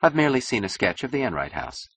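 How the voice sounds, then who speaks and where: A man's voice: medium pitch, sing-song, fast talker, fairly bright tone, dry recording, pitched above the performer's own voice. A man voicing a cool, mocking young woman who speaks in a languid, ironic drawl.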